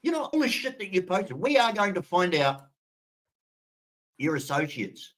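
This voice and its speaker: A man's voice: high-pitched, very animated, moderate pace, fairly bright tone, faint music behind. A man delivering an angry monologue, profane, threatening and insulting. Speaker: ranting video poster.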